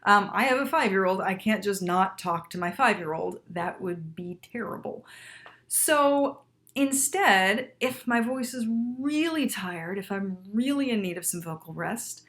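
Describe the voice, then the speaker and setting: A woman in her thirties teaching singers in a casual video lesson, emphatic and lively, often checking in with "right?". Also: mid-range voice, a little slow.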